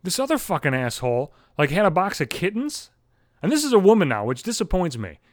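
A man's voice: high voice, wildly swooping pitch, fairly quick, no room sound, studio quality. A young man ranting crudely and with exasperation on his podcast, swearing constantly. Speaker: podcast host. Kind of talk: profane comedic rant.

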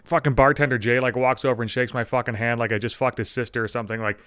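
A man hosting his own podcast, telling rambling comedic stories, profane and animated. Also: medium pitch, fast talker, smooth, no echo, studio quality. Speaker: podcast host. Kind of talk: comedic storytelling monologue.

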